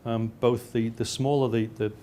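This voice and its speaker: A man's voice: medium pitch, flat delivery, normal speed, mellow, slight background noise. A male researcher giving a slide lecture, with frequent restarts and dry, self-mocking asides.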